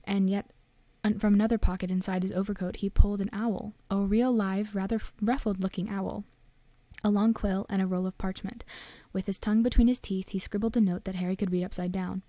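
A woman narrating a storybook audiobook in a steady storytelling manner. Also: mid-range voice, brisk, dry recording.

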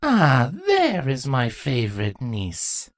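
A woman voicing a scheming older female changeling queen who speaks slowly with fake cheer, in a fan fiction reading. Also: on the low side, big pitch swings, darkish tone, no echo, voice pushed up, heavily acted. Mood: mock sweet. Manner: slow, drawn-out fake cheer.

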